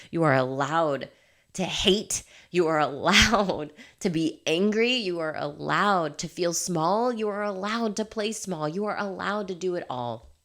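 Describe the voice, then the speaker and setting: A woman's voice: on the low side, fairly bright tone. A woman coaching in a candid motivational monologue, emphatic and laughing often, swearing freely. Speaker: life coach.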